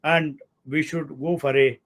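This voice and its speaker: A man's voice: fairly high pitch, fairly even intonation, measured pace. A man in his sixties with an Indian English accent, a law professor giving an explanatory lecture and often using "see" and "okay". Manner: explanatory, repeats key words, uses "see" and "okay". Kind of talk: academic lecture.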